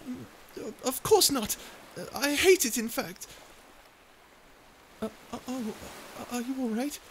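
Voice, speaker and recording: A woman's voice: a little high, fairly even intonation, a little slow, a little mellow, slight background noise. A woman voicing a prickly young sea creature who stammers and hides her fear behind insults, in a listener-perspective audio drama. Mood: flustered. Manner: stuttering, flustered tsundere bluster.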